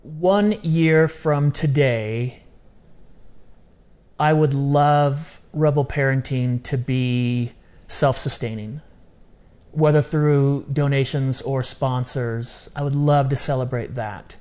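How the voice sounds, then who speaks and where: A man talking as a podcast guest in a casual interview, animated and repeating phrases for emphasis. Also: medium pitch, slow, clean tone.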